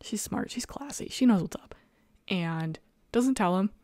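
A woman's voice: medium pitch, unhurried, no room sound, clean studio sound. A woman hosting a casual chat show, laughing often and riffing with sarcastic energy. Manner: giggly, laughs often mid-sentence; animated and sarcastic. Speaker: podcast host. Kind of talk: casual chat reviewing comics.

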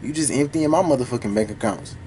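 A man recording casual reaction commentary for a video, talking back to the song in an animated, profane way. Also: medium pitch, quick pace, slight background noise. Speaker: music reaction YouTuber.

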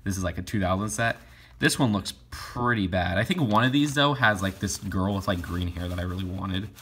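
A man's voice: low-pitched, fairly quick, a bit bright, slightly rough. A young man casually reviewing toy catalogs in a rambling way, with lots of fillers and restarts. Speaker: toy collector vlogger.

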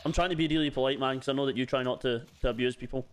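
A man's voice: mid-range voice, steady tone, rapid-fire. A man streaming a shooter game live, joking with his teammates and chat. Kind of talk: livestream gaming chat.

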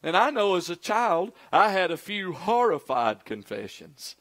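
A man's voice: high voice, big pitch swings, a little slow, a bit bright. A middle-aged man preaching a sermon as pastor, acting out quoted pleas in a raised, pleading voice.

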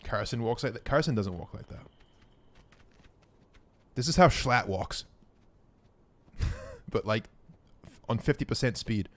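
Lively-voiced excitable male streamer. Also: mid-range voice, a little slow, long pauses. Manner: excitable, profane, talks to chat. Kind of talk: live gameplay commentary.

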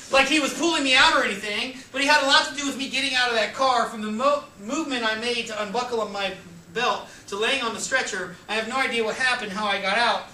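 A man lecturing to a class in a high, very bright voice, reading text aloud and cutting in with sarcastic jokes. He is caught from across an echoey classroom on a distant mic with a faint hiss underneath. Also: fairly quick. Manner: joking, sarcastic asides while reading aloud. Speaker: college lecturer.

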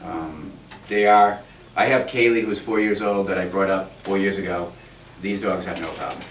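Lowish-voiced male vet teaching a class. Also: steady tone, normal speed, fairly bright tone, slight background noise. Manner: patient, encouraging instructions. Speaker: veterinarian teaching children. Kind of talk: classroom demonstration. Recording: echoey classroom, camera from far.

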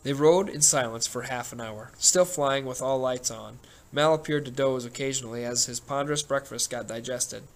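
A man narrating a novel aloud with steady, plain delivery. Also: medium pitch, moderate pace, few pauses, low-quality recording. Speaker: audiobook narrator. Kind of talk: scripted narration.

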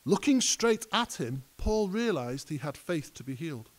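Fairly high-voiced preacher. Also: male voice, very animated, moderate pace. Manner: conversational preaching, builds to emphatic peaks. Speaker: pastor. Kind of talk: sermon. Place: church hall.

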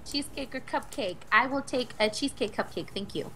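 A woman with a high, bright voice chatting on a game stream, giggling and teasing her friends. A faint hiss sits under her mic. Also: a little fast. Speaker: guest player reading chat on a stream. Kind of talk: casual gaming chat.

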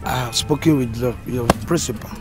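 An actor playing a stern middle-aged school authority figure, speaking Nigerian English in a lecturing tone. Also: male voice, mid-range voice, fairly quick, over loud music, close to an everyday voice. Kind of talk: film drama acting.

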